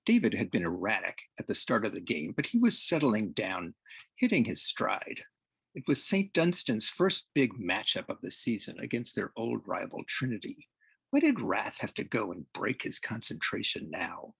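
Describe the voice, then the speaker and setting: A man reading aloud from his novel at a public reading, expressive and dramatic. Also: lowish voice, measured pace, vocal fry, husky, no echo. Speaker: author reading his work. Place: reading series event.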